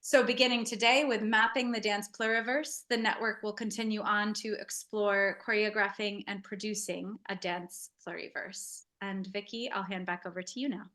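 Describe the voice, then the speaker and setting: A woman in her forties introducing herself as project coordinator on a video call, earnest and measured. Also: medium pitch, steady tone, pushed and bright. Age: 40s. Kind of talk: online meeting introduction.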